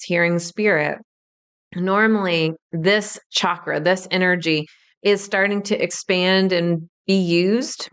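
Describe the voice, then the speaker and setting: Smooth-voiced woman podcast host, explaining. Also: on the low side. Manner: upbeat, explanatory. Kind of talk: solo podcast teaching.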